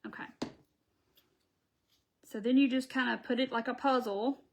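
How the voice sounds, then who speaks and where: A woman's voice: a little high, fairly even intonation, normal speed. A woman hosting a live craft tutorial, chatting folksily with viewers as she works. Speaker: craft channel host.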